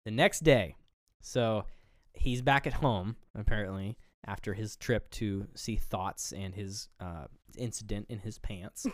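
A man co-hosts a casual movie review podcast, retelling scenes with acted-out lines and swearing frequently. His voice is lowish and unhurried. The recording is clean studio sound with no echo.

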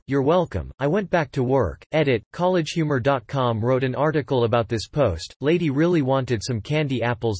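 A man narrating a written story in an even, matter-of-fact way. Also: mid-range voice, slightly rough, no echo.

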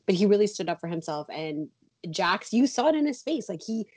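A woman co-hosting a chatty podcast with a soft, breathy voice at a middle pitch. She is agreeable and backs up her co-host with short replies. The sound is dry and close. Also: very animated, fairly quick, no echo. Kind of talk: casual chat.

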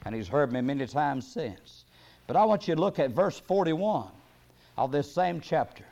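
A man preaching a sermon, reading scripture in a slow cadence and rising to loud emphatic peaks before dropping low and soft. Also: animated, vocal fry, lo-fi sound.

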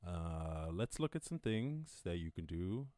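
A man's voice: deep voice, big pitch swings, a little slow, warm tone, no room sound, studio quality. A man with an Irish accent hosting a casual live-stream, reading news and riffing on it, swearing freely and laughing at his own jokes. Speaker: podcast host. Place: home during lockdown.

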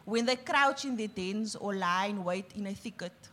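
Woman reading scripture aloud, steady. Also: medium pitch, normal speed. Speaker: scripture reader.

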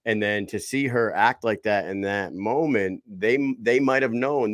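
Low-voiced man, dry close sound. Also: unhurried, no echo. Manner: relaxed, conversational. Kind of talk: casual podcast chat.

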